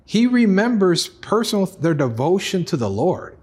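A man preaching a sermon as pastor, earnest, acting out voices with sudden rises in pitch. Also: normal speed. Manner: earnest preaching, acts out God's pleading voice, rises high for excited lines.

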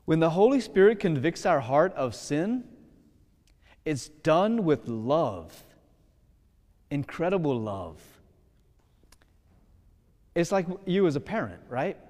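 A man preaching a sermon with passion, swinging between loud pleading prayer and hushed, gentle speech. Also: on the high side, very animated, takes it slowly, long pauses, in a large hall.

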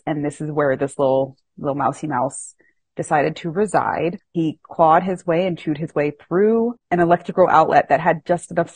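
Woman podcast host: low, husky voice, dry close sound, animated and self-mocking storytelling. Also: no room sound. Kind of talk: casual storytelling chat.

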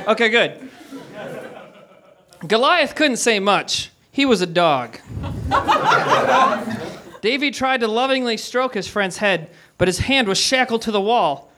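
High, bright-voiced man reading a comic story. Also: animated, slow pace, pauses often, a little hiss or hum. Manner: mock-dramatic narration with sheepish asides. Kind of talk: comic reading to a live audience. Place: comedy theater stage.

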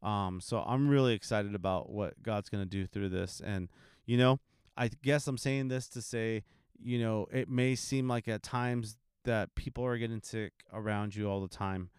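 A young man from California who serves in a church ministry, telling a testimony in a relaxed, rambling way with many ums. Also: on the low side, normal speed, smooth, no echo, clean studio sound. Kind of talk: casual testimony talk.

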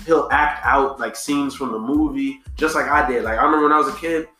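A man co-hosting a podcast in casual chat, telling relaxed, slangy stories that often trail off and restart. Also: medium pitch, a little fast, echoey room, soft background music. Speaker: podcast co-host.

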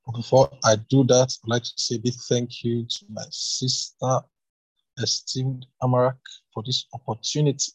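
A man with a husky voice reading the Bible aloud with loud emphasis. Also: mid-range voice, level tone, moderate pace, no room sound, low-quality recording. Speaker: Bible reader. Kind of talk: scripture reading.

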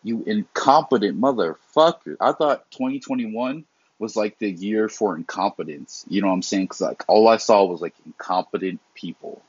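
A man's voice: lowish voice, normal speed, breathy edge, dry recording, dull audio. A young man in a heated, profane, rambling monologue, often restarting his sentences. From immigrant family. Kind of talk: casual unscripted monologue.

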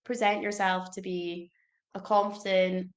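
A woman's voice: mid-range voice, little pitch movement, moderate pace. A young woman as a podcast guest in casual chat, chatty and full of fillers, laughing easily.

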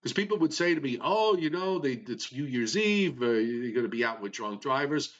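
Guy chatting easy, stops and restarts a lot, middling voice, muffled lo-fi audio. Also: mid-range voice. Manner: relaxed, halting with many restarts. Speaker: weather show co-host. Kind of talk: casual chat. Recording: dull lo-fi sound.

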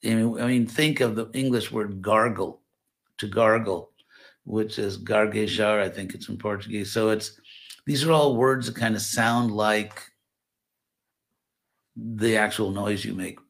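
A man giving a scripture class, explaining Sanskrit verse word by word in a thoughtful, unhurried way. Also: on the low side, gravelly. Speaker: scripture teacher.

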